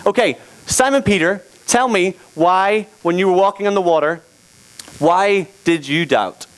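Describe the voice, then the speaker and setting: On a low-quality recording, a man with a high, clean-toned voice speaks at a measured pace through a handheld mic. As a youth teacher, he runs a lively Bible lesson with volunteers, laughing as he directs their skit.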